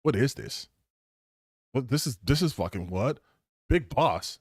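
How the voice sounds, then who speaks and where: A man voicing a dim, indignant male gamer who complains in low, offended questions, as a mocking impression. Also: lively intonation, unhurried, dry recording, clean studio sound.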